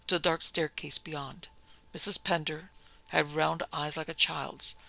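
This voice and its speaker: A narrator reading a classic ghost story aloud in a steady, measured storytelling manner. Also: mid-range voice, creaky. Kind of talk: scripted audiobook narration.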